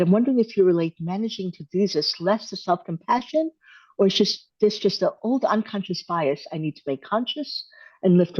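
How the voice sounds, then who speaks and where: A woman hosts a live Q and A over a video call. She coaches in a measured, thoughtful and gently encouraging way. The sound is dry and a little dull. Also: medium pitch, no echo. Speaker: host answering viewer questions.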